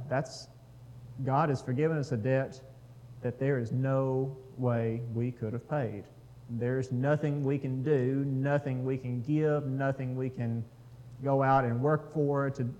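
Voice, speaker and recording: A man's voice: medium pitch, fairly even intonation, slow pace, mellow, a little hiss or hum, poor audio. A man leading a casual Bible study, talking with the group, putting questions to them and reading scripture aloud.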